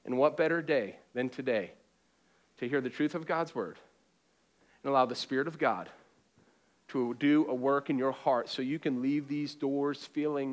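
A man preaching a sermon as pastor to a congregation, animated with call-and-response, swinging from loud exhortation to hushed tones, with joking asides. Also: medium pitch, normal speed, pauses often. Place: church auditorium with congregation.

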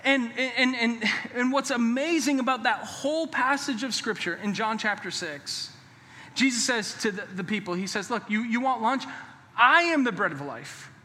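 A pastor preaching a sermon in a church, emphatic and conversational, sometimes dropping to a hushed, earnest tone. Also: male voice, extremely high pitch, animated, moderate pace. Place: church sanctuary. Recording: long hall reverb.

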